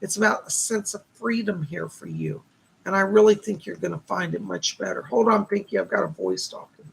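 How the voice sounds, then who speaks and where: Male psychic medium, live-stream host, gravelly husky voice, chatty relayed messages. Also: high-pitched, a little fast, fairly bright tone, low-quality recording. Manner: relays spirit messages with constant "she said" tags.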